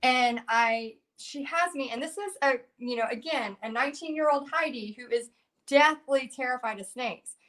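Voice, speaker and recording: Woman, middle-aged, casual livestream storyteller, higher pitch, lots of fillers. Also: normal speed. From Texas. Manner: chatty and animated, many fillers and restarts. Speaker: painting instructor on a Facebook Live.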